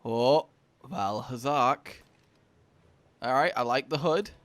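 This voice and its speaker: A man hosting a casual gaming commentary with friends, joking and swinging from mumbles to shouts. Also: medium pitch, takes it slowly, no echo. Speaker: let's play host.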